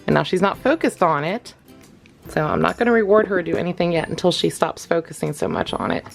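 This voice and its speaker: A woman with a fairly low voice walks through a dog-training lesson in a casual vlog, chatty and quick to laugh. She coos praise at her dogs between explanations, with soft music faintly underneath. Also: sing-song, gravelly.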